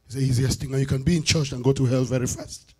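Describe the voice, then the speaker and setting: A man preaching a sermon as bishop, calling out to the congregation for answers and swinging between loud declarations and hushed asides. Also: medium pitch, steady tone, fast talker, breathy edge. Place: church sanctuary.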